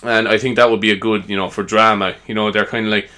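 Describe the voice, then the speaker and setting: A man's voice: fairly low pitch, flat delivery, fast, few pauses, sharp tone. A man talks alone in a loose, rambling chat. He is self-amused and leans on fillers as he goes. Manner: chatty, self-amused, lots of fillers and laughs. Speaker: podcaster.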